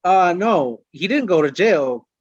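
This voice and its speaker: A man's voice: high voice, unhurried, slightly rough, dry recording. A man co-hosting a podcast, telling stories in casual chat, swearing constantly and acting out what people said. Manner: animated, swears constantly, acts out quotes. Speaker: podcast co-host. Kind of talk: casual profane storytelling. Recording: dull lo-fi dry sound.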